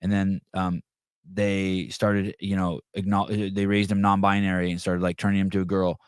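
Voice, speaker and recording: A man's voice: low-pitched, little pitch movement, moderate pace, smooth, no echo, studio quality. A man hosting a podcast, telling stories in a rambling, profane, casual way. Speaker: podcast host. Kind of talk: casual chat.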